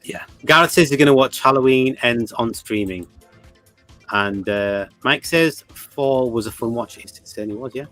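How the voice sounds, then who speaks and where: A man's voice: medium pitch, a bit bright. Man, livestream co-host, chatty, faint background music. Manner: chatty, greets viewers, quick bursts. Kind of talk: casual livestream chat reading viewer comments.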